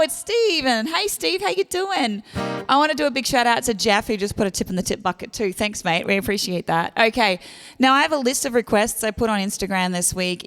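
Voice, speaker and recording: A woman's voice: mid-range voice, a bit bright, smooth, long reverb tail. A young Australian woman hosting a livestream concert from home, chatting casually with viewers, greeting them by name and thanking them for tips, with plenty of fillers. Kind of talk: casual livestream chat between songs. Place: at home during lockdown.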